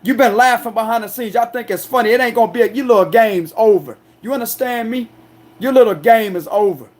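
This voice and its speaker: A man delivering an angry, defiant monologue as a tarot reader, confrontational and forceful, repeating himself to drive points home. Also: extremely high pitch, brisk. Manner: loud, forceful, aggressive delivery.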